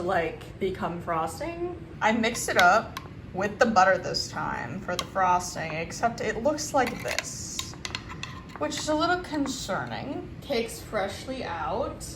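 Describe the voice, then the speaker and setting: A woman's voice: medium pitch, roomy sound, noisy background. A young woman vlogging herself baking at home, talking casually, nervous and joking at her own expense. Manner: nervous, self-mocking, excitable. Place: home kitchen.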